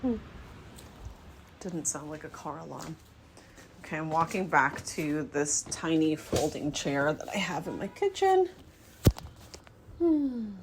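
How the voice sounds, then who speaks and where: Slow, rambling woman cooking at home. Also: on the low side, noisy background. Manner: relaxed, rambling, thinks aloud. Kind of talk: casual talking-to-camera chat while cooking. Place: small apartment kitchen and living room.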